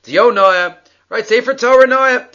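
Guy giving a talmud class, high voice, kinda muffled lo-fi recording, talks through the text out loud. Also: measured pace. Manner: explains text line by line, thinking aloud, uses Hebrew and Aramaic terms. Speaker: Talmud teacher. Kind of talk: daily Talmud class lecture.

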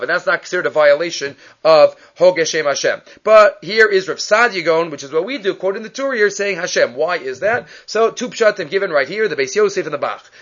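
A man's voice: high voice, a bit bright. A man teaching a Talmud class, quoting Hebrew and Aramaic texts and explaining them in English, often asking and then answering his own questions. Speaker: Torah teacher. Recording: muffled, lo-fi recording.

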